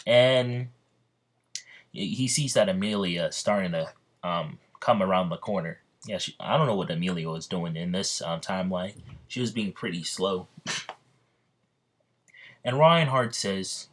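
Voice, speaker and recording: A man's voice: low-pitched, measured pace, a bit bright. A man casually retelling an imagined story, rambling with many ums and restarts. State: slightly out of breath. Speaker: fan narrating an imagined crossover story.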